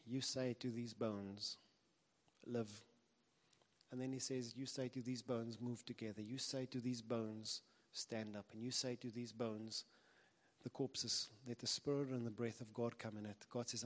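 A man delivers a sermon in an earnest, conversational way, circling back and restarting as he talks. His voice sits at an ordinary pitch and carries a long reverb from a large hall. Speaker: preacher.

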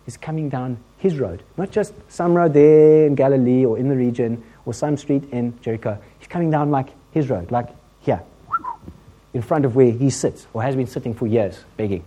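Conversational English preacher. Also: male voice, medium pitch. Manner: conversational, humorous, animated, with many asides. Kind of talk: sermon with storytelling.

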